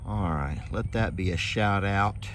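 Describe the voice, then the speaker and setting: A man's voice: low voice, unhurried, slight background noise. A man, telling folksy stories in a rambling, chuckling way while working outdoors at his horse barn. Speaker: ranch vlogger. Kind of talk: casual storytelling while doing chores.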